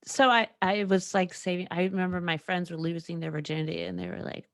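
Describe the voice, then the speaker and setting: A woman's voice: fairly low pitch, steady tone, fairly quick, few pauses, no room sound, clean studio sound. A young woman hosting a solo podcast, talking candidly and rambling, with frequent laughs and fillers. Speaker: podcast host. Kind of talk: casual solo podcast chat.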